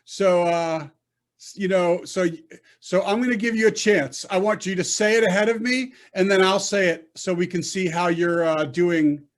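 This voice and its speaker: With a high-pitched voice and fairly even intonation, a man runs a Hebrew reading class over a video call. Slow and deliberate, he patiently coaches and sounds out syllables during the online lesson.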